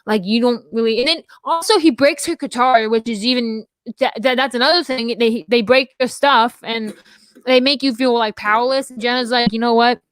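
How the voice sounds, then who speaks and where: Young woman chatting on a podcast, kinda high voice, lots of restarts, dry close mic. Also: moderate pace, no echo. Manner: rambling, with frequent restarts and fillers. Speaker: podcast co-host and theater dramaturg. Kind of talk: casual chat.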